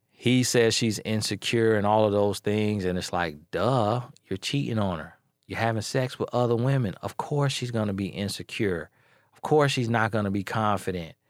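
A man giving blunt relationship advice in a casual talk, telling animated stories with playful voice imitations and repeating phrases for emphasis. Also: on the low side, dry recording, clean studio sound.

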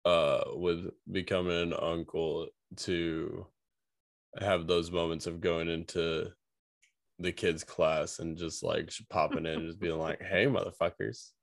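A man in a casual podcast chat, relaxed and easygoing, swearing casually. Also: sits low, slow pace, gravelly, no echo. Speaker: podcast co-host.

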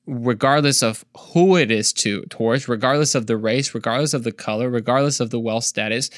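A man hosting a faith podcast, earnest and animated, repeating points for emphasis and joking in between. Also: medium pitch, no room sound, studio quality. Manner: playful, tries silly accents, earnest preaching. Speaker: podcast host. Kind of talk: casual faith podcast monologue.

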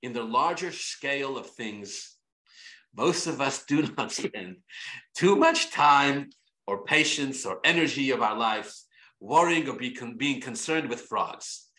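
A man, a rabbi, teaching a Torah class in an animated way, repeating himself and restarting phrases. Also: medium pitch, a little slow, roomy sound. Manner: animated, repetitive, many restarts.

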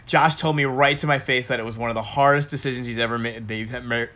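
A man's voice: mid-range voice, steady tone, quick pace, sharp tone. Enthusiastic man hosting camp radio. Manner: enthusiastic, repeats words, laughs often. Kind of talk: casual camp radio chat.

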